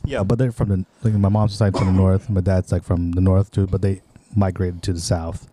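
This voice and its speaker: Co-hosting a podcast, this man from the Philippines rambles in casual talk full of fillers and restarts. His low, mellow voice barely shifts in pitch and keeps a moderate pace, and the recording sounds dry.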